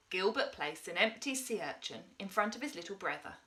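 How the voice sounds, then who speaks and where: A woman teacher reading a picture book aloud to young children, with an expressive, animated delivery. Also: mid-range voice, fairly quick, few pauses. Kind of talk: storybook read-aloud.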